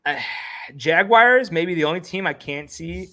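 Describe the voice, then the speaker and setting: A man co-hosting a casual sports betting chat, excitable and jokey, talking in rapid bursts of hype. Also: a little high. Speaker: podcast co-host.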